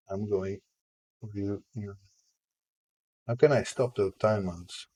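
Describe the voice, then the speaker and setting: A man's voice: low-pitched, steady tone, measured pace, pauses often, darkish tone. A man developing a game live on stream, chatting in a rambling, playful way with his viewers. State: tickle in the throat. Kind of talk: casual live-stream chat.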